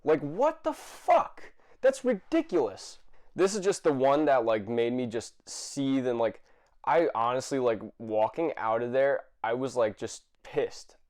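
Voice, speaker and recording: A man's voice: mid-range voice, smooth. Angry swearing man ranting. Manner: swearing, exasperated, bursts into shouting; many fillers and restarts. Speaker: vlogger. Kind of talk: angry rant to camera.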